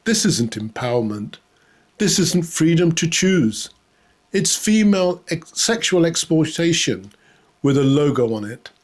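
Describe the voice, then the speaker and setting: A man's voice: fairly high pitch, big pitch swings, unhurried. A man delivering a satirical comedy monologue in a sarcastic, mock-outraged way, often laughing at his own jokes. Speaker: comedy host.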